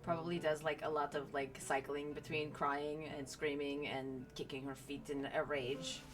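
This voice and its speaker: A woman's voice: deep voice, little pitch movement, normal speed, soft background music. Casual woman at a tabletop game. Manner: laughs often, casual. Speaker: player. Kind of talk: describing her character's actions.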